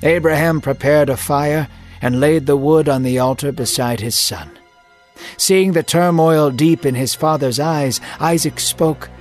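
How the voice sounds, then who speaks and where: A man narrating a dramatic Bible story in a measured, emotive way. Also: on the high side, soft background music.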